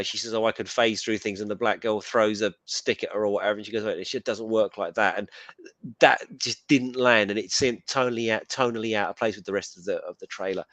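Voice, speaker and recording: Co-host, man, lowish voice, chatty and rambling, dry sound. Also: a bit bright, dry recording. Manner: chatty, rambling, quick asides. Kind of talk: casual pop culture chat.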